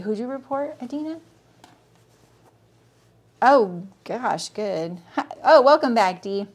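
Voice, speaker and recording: A woman hosting a live sewing tutorial, talking viewers through each step in a chatty way, greeting them by name and checking in with "right?". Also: a little high. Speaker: sewing teacher and livestream host.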